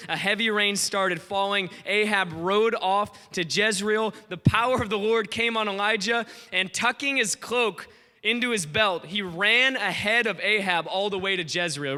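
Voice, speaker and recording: High, bright-voiced preacher man in a hall. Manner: animated storytelling, acts out voices, asks crowd questions. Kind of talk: energetic sermon. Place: large conference hall. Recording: long hall reverb.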